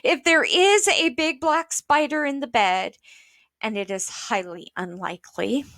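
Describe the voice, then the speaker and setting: A woman voicing a sleepy, jovial father in a children's storybook, gently scolding and reasoning. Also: sits high, a little slow, dry recording.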